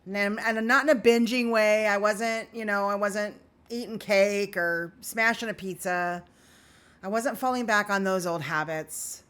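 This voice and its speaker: A woman's voice: medium pitch, measured pace, fairly bright tone, smooth. A woman vlogging candidly to her viewers in an earnest, confessional way on an emotional day. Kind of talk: candid personal vlog.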